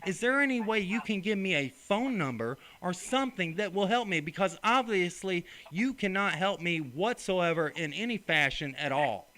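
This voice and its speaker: A man's voice: high-pitched, lively intonation, normal speed, few pauses, pushed and bright, low-quality recording. Demanding, confrontational man on the phone. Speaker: customer on a phone call. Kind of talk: heated phone complaint.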